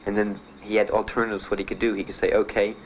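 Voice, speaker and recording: Older man, interviewee, halting and plain, fillers throughout; dull, slightly noisy archival audio. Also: fairly low pitch, level tone. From Miami. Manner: plain, halting storytelling with many "uh"s and "you know"s. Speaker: Vietnam veteran interviewee. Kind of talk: personal recollection in an interview.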